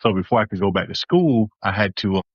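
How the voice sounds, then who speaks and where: A man talking casually and haltingly, with frequent uh fillers. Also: lowish voice, lively intonation, slightly rough, no room sound. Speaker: podcast participant. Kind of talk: casual conversation. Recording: dull lo-fi, off-mic.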